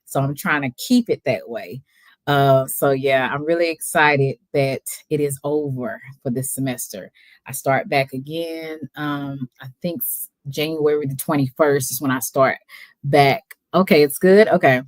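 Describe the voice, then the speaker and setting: A woman's voice: rumbling low, measured pace, no room sound. A woman hosting a casual livestream chat, talking easily, greeting viewers by name and laughing often. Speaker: livestream host.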